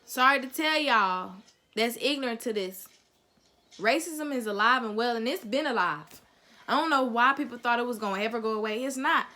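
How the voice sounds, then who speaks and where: Blunt, bright-voiced young woman ranting. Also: on the high side, moderate pace. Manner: blunt, profane, emphatic. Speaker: vlogger. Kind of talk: heated opinion rant to camera.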